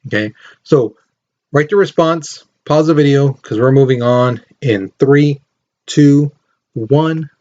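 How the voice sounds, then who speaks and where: A man's voice: mid-range voice, takes it slowly, a little mellow, highs cut off. A man teaching a recorded history lesson in a casual, rambling way, with lots of fillers.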